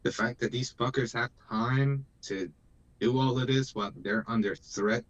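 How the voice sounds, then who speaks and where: A man's voice: mid-range voice, steady tone, normal speed. A man in his thirties, born in Iran, chatting emotionally and laughing often on a live stream. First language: Persian. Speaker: co-host. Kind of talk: casual live-stream chat.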